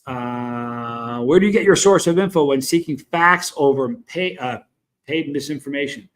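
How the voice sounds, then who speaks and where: A man's voice: medium pitch, moderate pace, a little hiss or hum. Rambling Southern-accented man on a livestream. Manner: rambling, frank, greets viewers in chat. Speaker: livestream host. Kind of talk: casual livestream chat.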